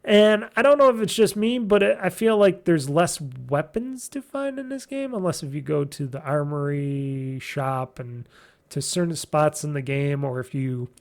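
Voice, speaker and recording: Male podcast host, gravelly, slightly high-pitched, rambling casual game talk. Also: lively intonation, moderate pace. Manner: loose and chatty, many fillers and restarts.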